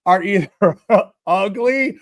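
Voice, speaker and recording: A podcast host spins a comic anecdote, his voice sitting high for a man. He is animated and profane, acting out the people in his story. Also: takes it slowly. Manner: animated, swears freely, acts out quotes. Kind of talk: comedic storytelling.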